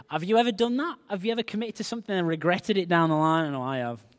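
A male pastor, preaching a sermon with animated, jokey storytelling. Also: high-pitched, fast, in a large hall.

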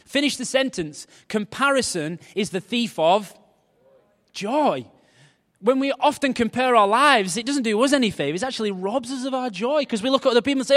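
A male pastor, preaching a sermon with animated, jokey storytelling. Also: very high voice, normal speed, long reverb tail.

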